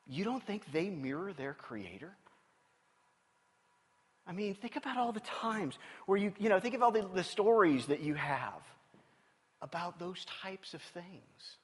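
A male pastor preaching a sermon, animated and playful, telling stories and asking the congregation questions. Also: sits high, a little slow, husky. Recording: long reverb of a large hall.

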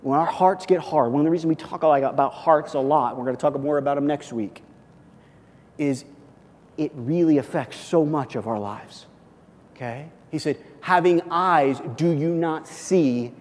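Brief: male preacher, slightly high voice, animated and chatty, long church-hall reverb. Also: normal speed. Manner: animated, conversational, repeats "okay?" and "listen". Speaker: pastor. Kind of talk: sermon.

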